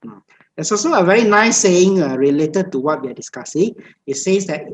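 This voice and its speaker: Speaking a little fast in a low voice, a woman meditation teacher leads a Buddhist dharma talk via video call. She repeats herself in list-like phrases and frequently pauses on hesitant fillers. The recording is rough, with faint noise in the background.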